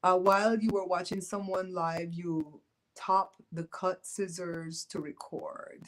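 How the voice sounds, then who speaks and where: A woman's voice: lowish voice, steady tone, takes it slowly, low-quality recording. A woman in her fifties from Belize, chatting casually with viewers on her livestream, loose, teasing and opinionated. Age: 50s. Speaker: livestream host. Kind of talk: casual live-stream chat with viewers. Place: home.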